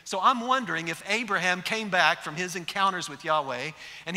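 A man's voice: sits high, fairly quick, bright, forceful tone. A man preaching a sermon to a large gathering, telling the story with animation and acting out quoted speech. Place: large church sanctuary. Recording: echoey hall.

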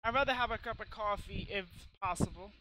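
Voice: mid-range voice, brisk, background noise, close to an everyday voice. A streamer reading a hesitant young man. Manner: polite, hesitant, apologetic. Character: young man, apologetic debt collector. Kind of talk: gameplay voice reading.

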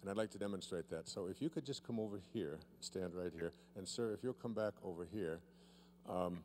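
A man's voice: low voice, darkish tone. A man speaking at a live seminar, teasing a volunteer and drawing out key words as he leads a demonstration. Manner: playful, teasing, drawn-out emphasis. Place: seminar room with live audience. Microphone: handheld mic held by a volunteer.

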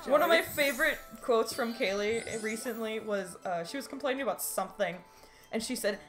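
A woman's voice: on the high side, fairly quick, a bit bright. A young woman co-hosting a let's-play, chatting in a giggly, teasing way. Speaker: gaming let's-play co-host. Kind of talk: casual playthrough banter. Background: game music.

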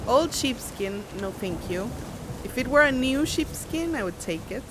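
Streaming a game with music behind her and some background noise, this woman speaks at a measured pace in a high-pitched, animated voice. She chats with viewers, giggles, reads chat aloud, and lets out squeals and shouts whenever enemies attack.

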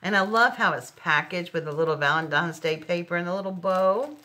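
A woman's voice: on the low side, fairly quick, bright, forceful tone. A middle-aged woman chatting casually as she unboxes craft gifts, gushing over each item. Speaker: crafting channel host.

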